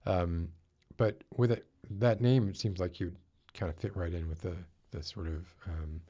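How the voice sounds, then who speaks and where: A man with a very low voice talks loosely as a show host. He rambles through his thoughts with plenty of fillers and restarts. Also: fairly even intonation, normal speed, mellow, husky. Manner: rambling, chatty, many fillers. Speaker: podcast host. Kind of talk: casual chat.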